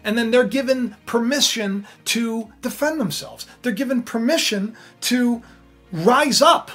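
Animated woman retelling a Bible story. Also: a little high, a little slow, slightly rough, soft background music. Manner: lively, conversational, acts out characters.

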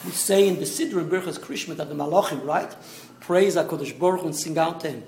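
A man's voice: a little high, fast, a little mellow, echoey room, slight background noise. A man from Australia, a rabbi teaching a Torah class, explaining with many restarts and asides. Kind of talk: lecture to a small class.

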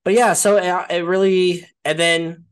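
A man's voice: high voice, little pitch movement, a little slow, clean tone. A man chats loosely about a movie on a podcast. His sentences wander and restart, and nearly every phrase is padded with "like" or a checking "right?". He drops in a casual curse now and then. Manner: rambling, peppers speech with "like" and "right?"; swears casually. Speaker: podcast co-host. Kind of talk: casual film discussion.

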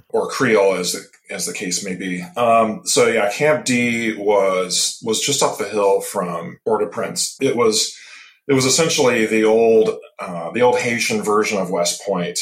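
A low-pitched man in his fifties from Michigan chats as a podcast guest. He tells his stories in a relaxed, rambling way, pausing often with fillers and restarts. The recording is roomy, with a noticeable echo. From Michigan, USA. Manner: relaxed, rambling storytelling with many pauses and restarts. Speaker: guest, tropical medicine specialist. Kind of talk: casual interview chat.

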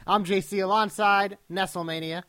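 A man's voice: high voice, steady tone, moderate pace, bright, forceful tone. A man hosting a podcast in casual chat, teasing his co-host and laughing often.

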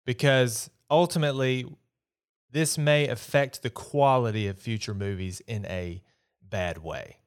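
A man's voice: mid-range voice, a little slow, clear, resonant tone. A man hosting a podcast, giving a casual, opinionated solo movie review in a chatty, exasperated way. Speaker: podcast host.

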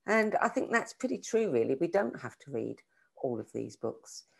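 A woman's voice: low voice, very animated, normal speed, vocal fry, husky. A woman hosting a casual conversation, encouraging her guest and summing up what he said. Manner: warm encouraging, reflects back what the guest said. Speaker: host.

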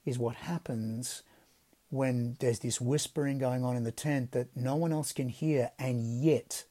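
A man hosting a devotional podcast, speaking in a gentle, reflective way that often drops to soft, quiet phrasing. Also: medium pitch, fairly even intonation, a little slow. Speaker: podcast host.

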